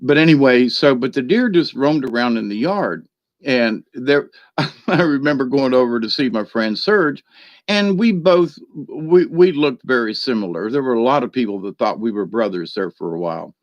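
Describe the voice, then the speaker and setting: A man telling a rambling personal story in a chatty way, laughing often and filling pauses with ums and restarts. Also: medium pitch, expressive, dry recording. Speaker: spiritual card reader. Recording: dry, dull lo-fi sound.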